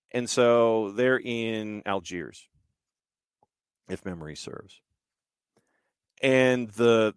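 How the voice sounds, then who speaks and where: Slow, smooth-voiced male podcast host. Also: fairly low pitch, no room sound, studio quality. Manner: unhurried, conversational, with restarts. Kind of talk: storytelling monologue on a podcast.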